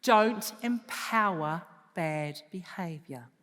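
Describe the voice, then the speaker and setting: A woman giving a lively counselling talk to an audience, moving from loud emphasis to soft, hushed advice. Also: on the low side, slow. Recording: long hall reverb.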